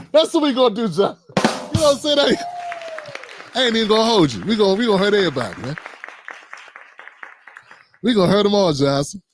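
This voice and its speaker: A man's voice: sits high, sing-song, fast talker, pauses often, faint music behind, some chatter behind. A middle-aged man hosting a casual political talk show, riffing loosely and playfully with slang and asides to his audience. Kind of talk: casual livestream commentary.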